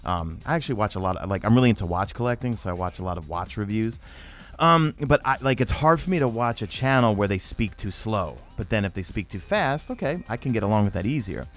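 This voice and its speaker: A man from New York with a toned-down New York accent, hosting a casual gaming Q&A chat with lots of fillers. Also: fairly low pitch. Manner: animated, fast-talking with many fillers. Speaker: YouTube gaming host.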